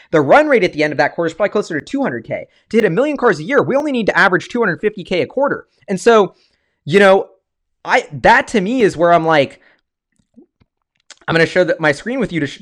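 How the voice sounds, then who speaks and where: An excitable man hosts a loose livestream, talking in a rambling way and often stopping to restart his sentences. His voice sits a little higher than most men's. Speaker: stock-market video host. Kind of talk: casual livestream commentary.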